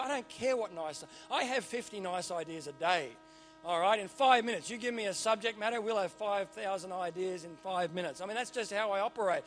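A middle-aged Australian man preaching a sermon in a church, animated and joking with punchy repeated phrases. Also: high voice, fairly quick, faint music behind. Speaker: pastor.

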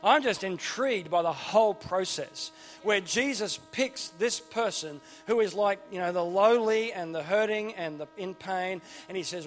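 A man's voice: high voice, normal speed. A man preaching an informal sermon, enthusiastic and chatty, often restarting his sentences and drifting into asides. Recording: long reverb with faint music behind.

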